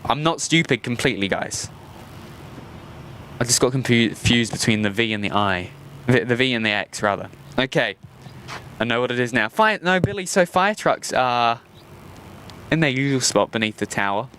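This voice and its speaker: A man's voice: medium pitch, a bit bright, a little hiss or hum. Rambling, laughing Australian man host. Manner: rambling and self-mocking, often laughing. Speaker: host of a live plane-spotting stream. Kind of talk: casual live-stream chat. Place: outdoors at an airport.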